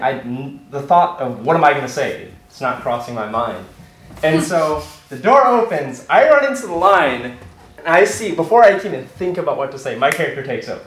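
A teenage man tells a personal anecdote in a lively voice that rides up and down. He sits a little high for a man and keeps laughing at his own story. The sound is roomy and echoey, with a faint hiss underneath. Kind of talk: personal anecdote told to an audience.

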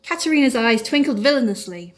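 A woman's voice: fairly high pitch, lively intonation, fairly quick. A woman host narrating a comic parody story aloud, amused and often breaking into laughter.

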